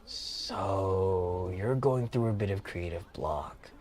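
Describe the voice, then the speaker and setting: A man voicing a soft-spoken barista. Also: deep voice, slow, voice pushed down. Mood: gentle. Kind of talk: game character voice-over.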